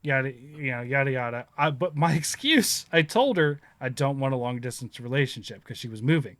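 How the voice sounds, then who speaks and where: A bright, forceful man in his thirties tells rambling stories in casual chat. He laughs often and acts out what others said, heard close and dry on the mic. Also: mid-range voice, fairly quick, dry recording. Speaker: podcast host.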